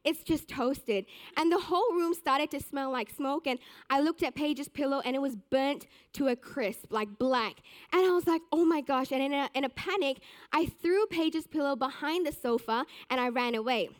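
A young woman giving a sermon, telling a personal story with animated, self-mocking humor. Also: sits high, normal speed. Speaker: church speaker.

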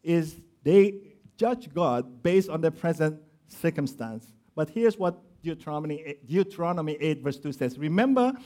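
A man delivers a sermon as a pastor, his voice sitting high for a man. He pushes key phrases out loudly and then sinks to low, hushed tones to drive a point home. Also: lively intonation, moderate pace. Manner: preaching with swings from loud emphasis to low quiet stress; acts out quoted voices of grumblers and of Jesus.

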